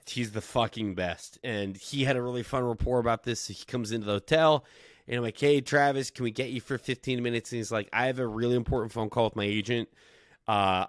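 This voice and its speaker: Man telling animated stories, dry close sound. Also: mid-range voice, no echo. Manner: animated, swearing, quoting others in dialogue. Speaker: podcast guest. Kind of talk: casual storytelling.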